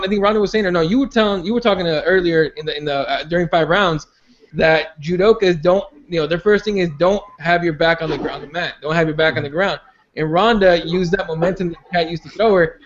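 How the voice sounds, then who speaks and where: A man hosting a casual chat podcast about fights, rambling with many restarts and fillers. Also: sits high. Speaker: podcast host. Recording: dull lo-fi sound.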